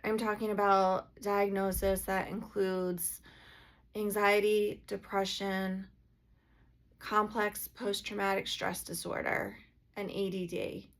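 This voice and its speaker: A woman's voice: medium pitch, flat delivery, slow pace. A woman and energy healer talking earnestly in a casual, heartfelt vlog, with plenty of filler "like"s.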